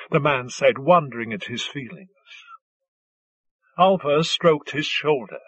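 A man reads a story aloud at a slow, unhurried pace. His voice is slightly high and husky. The recording is dry and dull. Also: a bit bright, dry recording. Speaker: audiobook narrator. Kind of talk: scripted narration.

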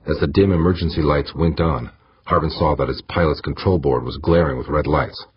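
A man with a husky voice reading a story aloud in a measured way. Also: very deep voice, steady tone, dry recording, lo-fi sound. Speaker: audiobook narrator. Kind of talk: scripted narration.

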